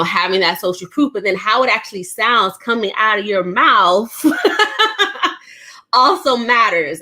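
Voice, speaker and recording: Bright-voiced, laughing woman from the Bronx. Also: mid-range voice. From the Bronx, New York. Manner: laughs often, emphatic, says "right?" a lot. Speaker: guest business coach. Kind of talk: energetic online workshop chat.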